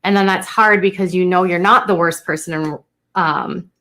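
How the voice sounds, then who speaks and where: A young woman talking unscripted to her live-stream viewers, halting and emotional, with many fillers and restarts. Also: on the low side, steady tone, pushed and bright.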